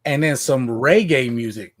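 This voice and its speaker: A man's voice: medium pitch, normal speed. Podcast guest, male, from Washington State, casual storyteller who acts out his own lines. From Washington State, USA.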